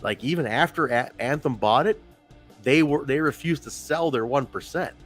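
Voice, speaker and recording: A man's voice: mid-range voice, moderate pace, faint music behind. A man co-hosting a casual wrestling review podcast, talking in a rambling, profane way and laughing often. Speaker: podcast co-host.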